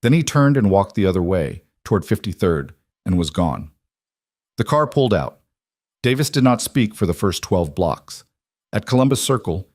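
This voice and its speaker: A man narrates a romance story at an unhurried, even pace. His voice sits low, recorded close and dry. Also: no room sound. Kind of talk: scripted narration.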